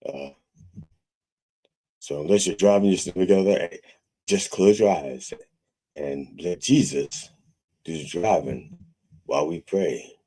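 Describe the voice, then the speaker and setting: Low-voiced man preaching a profane parody sermon. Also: slow, long pauses, warm tone. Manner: profane, rambling comic preaching. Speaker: comic reverend host.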